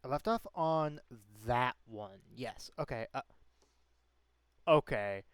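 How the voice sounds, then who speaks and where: A man's voice: medium pitch, lively intonation, takes it slowly, clear, resonant tone, dry recording. A man hosting a casual stream chat as game master, rambling with many fillers and restarts.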